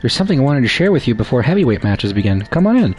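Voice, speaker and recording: A man's voice: medium pitch, big pitch swings, rapid-fire, a little mellow, soft background music, natural voice, rough recording. A man voicing a welcoming game character who eagerly invites a friend inside.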